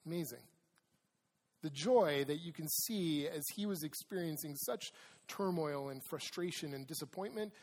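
A man's voice: a little high, a little mellow, breathy edge, in a large hall. A man preaching a sermon as pastor. He talks conversationally with personal stories and asides, and reads scripture aloud with emphasis.

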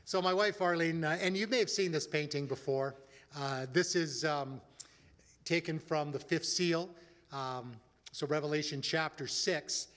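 Fervent preacher in a reverberant hall. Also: male voice, a little high, unhurried, a bit bright. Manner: rising into fervent preaching, stumbles over restarts. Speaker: pastor. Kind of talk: sermon.

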